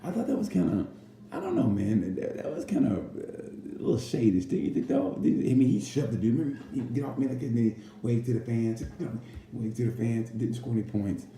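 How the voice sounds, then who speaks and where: Laid-back man with a dark, mellow voice. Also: medium pitch, sing-song, a little fast. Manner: rambling, jokey, with playful impressions. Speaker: racing commentator. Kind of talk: casual chat. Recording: roomy with faint background noise.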